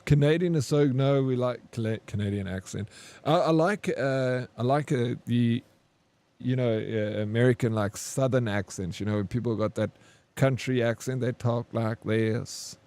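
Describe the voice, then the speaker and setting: Speaking at a normal speed with a medium pitch, this young man has a slightly mellow voice, captured on a dry recording. He's from South Africa, has the accent to match, and talks openly and laughs readily with viewers during a casual game stream.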